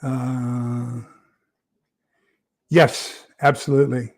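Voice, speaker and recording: A man's voice: mid-range voice, flat delivery, very slow. A man hosting a casual livestream, rambling with many fillers and repeated words as he reads viewer comments. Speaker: prepper channel host.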